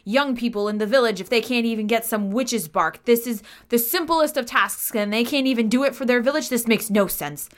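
A woman voicing a gruff, unsociable farmer woman who grumbles aloud and answers curtly. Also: a little high, fairly quick, hardly any pauses, voice pushed up, natural voice. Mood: grumbling. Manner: grumbling, curt.

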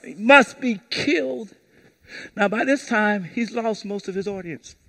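Bright-voiced pastor preaching with call-and-response. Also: male voice, unhurried, vocal fry. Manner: lively call-and-response preaching, asks the congregation to repeat words; acts out brief quoted voices in a lowered tone. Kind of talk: sermon. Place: church service before a congregation.

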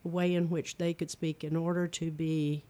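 An older woman with an Eastern Kentucky accent chats in a relaxed radio interview. She tells stories in an animated way and slips into other voices to show what she means. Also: low voice, normal speed. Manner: animated storyteller, demonstrates voices. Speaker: guest, retired speech and theater teacher. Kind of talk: casual interview chat.

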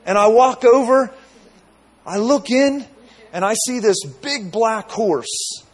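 High-voiced man preaching a sermon. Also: slow, husky. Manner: storytelling with many asides and repeated phrases.

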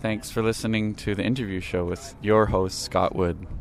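Frontman, male, low-ish voice, relaxed rambling talker, street interview outside a club. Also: moderate pace. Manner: laid-back, rambling, laughs easily. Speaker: band frontman. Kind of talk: casual interview chat.

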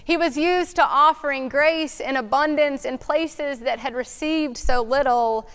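A woman preaching a sermon in a slow, reflective way, asking questions aloud. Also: high-pitched, fairly bright tone.

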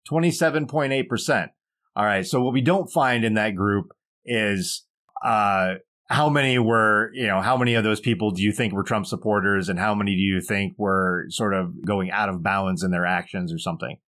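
A man's voice: on the low side, normal speed, a bit bright. A man co-hosting a podcast, reading poll results aloud with dry, wry asides in casual chat. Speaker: podcast co-host.

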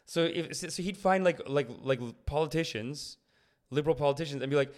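A man in his late thirties hosting a casual podcast chat. He tells stories with lots of energy and acts out the people in them. His voice sits a little higher than most men's. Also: fairly quick. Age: 30s. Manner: animated storyteller, acts out quoted people. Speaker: podcast host.

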